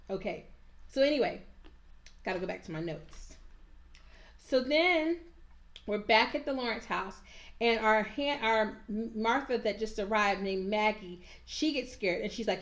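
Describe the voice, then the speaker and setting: Sassy, animated woman reviewer. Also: a little high, normal speed. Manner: animated, sassy, acts out characters. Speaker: TV recap reviewer. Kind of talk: casual chat. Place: at home, handheld camera.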